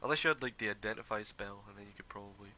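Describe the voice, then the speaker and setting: A man narrating as game master of a tabletop game, describing scenes in a relaxed, rambling way full of fillers. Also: fairly low pitch, very fast, slight background noise.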